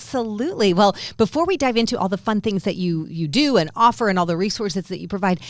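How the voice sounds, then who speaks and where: A woman hosting a business podcast, effusive and quick to gush with praise and excitement. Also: medium pitch, a crowd in the background. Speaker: podcast host. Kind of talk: upbeat podcast interview.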